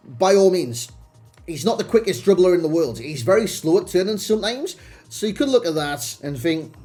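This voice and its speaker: A man's voice: sits high, dark tone. A young man chatting casually to his viewers as he reviews a game card. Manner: chatty, addresses viewers as lads and boys. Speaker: gaming video creator. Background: faint background music.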